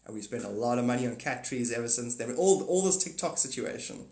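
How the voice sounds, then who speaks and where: A man's voice: medium pitch, brisk. Rambling man livestreaming in an echoey room. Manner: rambling, animated, spiritual talk. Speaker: livestream host. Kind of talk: casual livestream chat reading comments. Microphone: phone.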